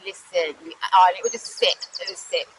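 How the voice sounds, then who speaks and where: A woman with a Yorkshire accent from West Yorkshire, telling her own life story candidly, halting with fillers and restarts, and swearing bluntly. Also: mid-range voice, a little hiss or hum, rough recording. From West Yorkshire, England. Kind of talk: candid personal testimony.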